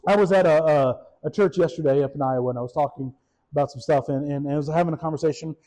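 A man, a pastor, giving a casual, animated sermon, often repeating words and asking his listeners questions. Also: fairly high pitch, quick pace, poor audio. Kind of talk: conversational sermon.

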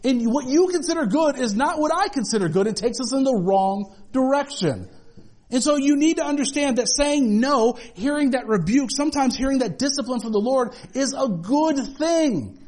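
A man's voice: very high voice, animated, normal speed, darkish tone. A male pastor preaching a sermon to a congregation in a conversational way, with humorous asides. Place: church with a congregation.

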